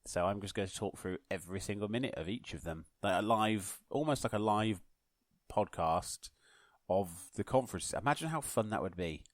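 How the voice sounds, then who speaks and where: A man's voice: on the low side, animated, moderate pace, no room sound, clean studio sound. A man hosting a solo podcast in a put-on posh newsreader manner, rambling and poking fun at himself. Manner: mock-posh newsreader delivery, self-mocking and rambling. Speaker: podcast host.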